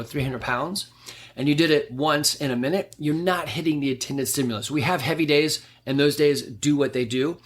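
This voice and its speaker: A man's voice: fairly high pitch, a bit bright. A man hosting his own fitness podcast, explaining workouts in a casual, conversational way with frequent fillers. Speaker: fitness coach and podcast host. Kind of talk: casual solo podcast talk.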